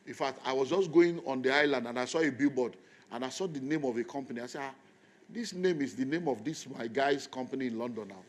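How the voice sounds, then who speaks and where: A man's voice: mid-range voice, fast. A middle-aged man with a Nigerian accent, preaching a sermon and telling a story to a congregation. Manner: storytelling, tells the audience to repeat lines to their neighbours.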